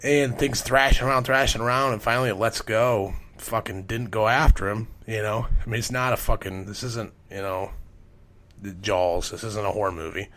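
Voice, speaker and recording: A man's voice: fairly low pitch, steady tone, moderate pace, a bit bright. A man hosting a podcast, telling stories in a casual, rambling way and swearing constantly. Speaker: podcast host.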